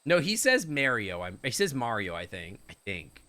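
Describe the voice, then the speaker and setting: A man's voice: medium pitch, huge pitch swings, normal speed, background noise. A Canadian man streaming a game live, rambling and joking with his viewers. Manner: rambling, jokey, chatting with viewers.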